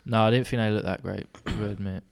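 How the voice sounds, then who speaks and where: A low-voiced man with a gravelly edge, chatting casually on a podcast with friends. He teases his mates in a dry, offhand way. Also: steady tone, fast. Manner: dry, teasing. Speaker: podcast co-host. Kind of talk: casual banter among friends.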